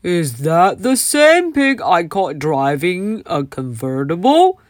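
A woman's voice: fairly low pitch, big pitch swings, takes it slowly, dry recording, clean studio sound. A woman voicing a polite, formal male police officer who questions himself aloud.

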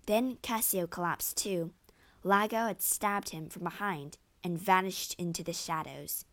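A woman narrating a storybook retelling in a measured, even way. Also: on the low side. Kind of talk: storybook reading.

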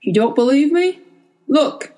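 A woman voicing a weary, gentle old man who speaks gravely and sadly. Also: sits high, animated, measured pace, pitched above the performer's own voice, rough recording.

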